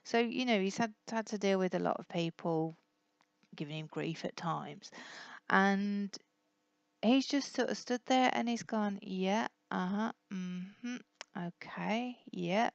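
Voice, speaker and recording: A middle-aged woman talks casually and candidly, rambling and restarting her sentences. Her voice has a gravelly, fry-tinged texture. The recording is dry and slightly dull. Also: medium pitch, a little slow, no room sound. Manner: rambling, self-correcting, candid. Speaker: blogger addressing her family. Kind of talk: casual personal talk.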